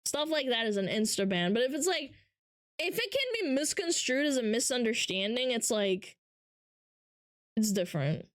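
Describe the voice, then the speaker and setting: A high-pitched woman streamer talks casually to her chat, ranting and swearing as she mocks viewers. Her voice is close and dry, with no room sound around it. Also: very animated, moderate pace, no room sound. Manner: ranting, profane, mocking impressions. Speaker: livestreamer. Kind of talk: casual livestream chat, reacting to chat.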